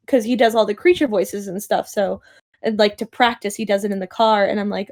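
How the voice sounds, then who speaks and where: A woman's voice: medium pitch, steady tone, a little fast, darkish tone. Bubbly young woman, chatty and laughing. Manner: bubbly, chatty, laughs often, many "like" fillers. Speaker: voice actress, interview guest. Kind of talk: casual interview chat.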